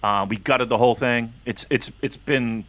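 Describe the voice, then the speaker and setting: A man's voice: mid-range voice, moderate pace. A man from New Jersey co-hosting a podcast, telling stories in a swearing, laugh-filled, casual way. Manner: animated, swearing, storytelling, laughing often. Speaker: podcast host.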